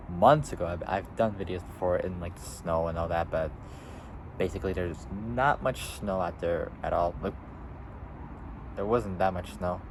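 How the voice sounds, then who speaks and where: A man's voice: on the low side, slight background noise, rough recording. A seventeen-year-old boy vlogging outdoors, rambling casually with lots of fillers and restarts. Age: teens. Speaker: YouTuber. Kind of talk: casual vlog.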